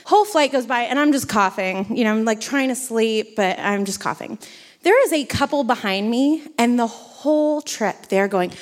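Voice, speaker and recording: Woman podcast co-host, a bit high-voiced, live-show storyteller, animated and self-deprecating, heavy on fillers. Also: moderate pace. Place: theater stage before a live audience.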